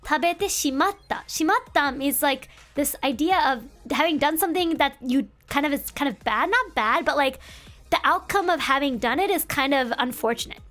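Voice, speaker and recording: A woman's voice: high-pitched, lively intonation, normal speed, fairly bright tone, soft background music. A woman streamer explaining Japanese translation in a casual, playful, chatty way, full of fillers and tangents. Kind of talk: casual streamed language lesson.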